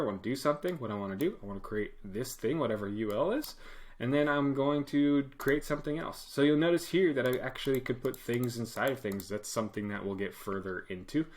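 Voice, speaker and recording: A man teaching web coding as an instructor in a casual screen-share lesson, animated and acting out commands in a loud put-on voice. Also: medium pitch.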